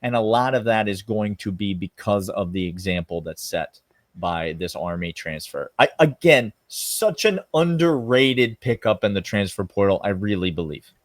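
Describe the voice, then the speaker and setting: A man co-hosting a sports podcast, talking with emphatic, animated energy. His pitch rises and falls a lot as he makes his points. The sound is close and dry, with no room echo. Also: moderate pace. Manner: emphatic, animated, drawls "y'all". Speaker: podcast co-host. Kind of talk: casual sports talk.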